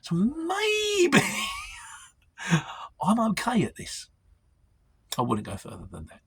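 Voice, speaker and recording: A man's voice: medium pitch, wildly swooping pitch, unhurried, gravelly, breathy edge, no room sound. A middle-aged man with a London Mockney accent, chatting casually and self-deprecatingly as he answers viewer questions on his vlog. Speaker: lorry driver vlogger.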